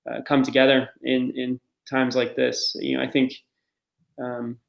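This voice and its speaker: Man in his thirties, flat and reflective. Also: medium pitch, vocal fry. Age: 30s. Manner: reflective, halting with many fillers. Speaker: ER doctor guest. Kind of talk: remote interview. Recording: echoey room.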